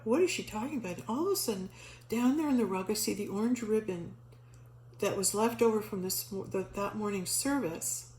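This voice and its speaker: A middle-aged woman recounting a personal spiritual experience in a casual storytelling voice, at an ordinary pitch. She gets animated and acts out the voices she quotes, stumbling through restarts and fillers. The room around her is echoey, with a faint hum underneath.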